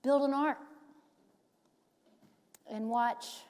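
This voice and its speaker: A woman's voice: a little high, unhurried. Woman preaching in a reverberant church. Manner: dramatic drops to a hushed whisper on key phrases; emphatic, rising on stressed points. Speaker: pastor. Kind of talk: sermon. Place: church sanctuary.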